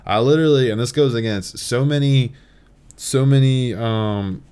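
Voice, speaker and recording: A young man hosting a podcast and telling a story in a casual, animated way, swearing and laughing as he talks. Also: medium pitch, moderate pace, smooth. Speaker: podcast host.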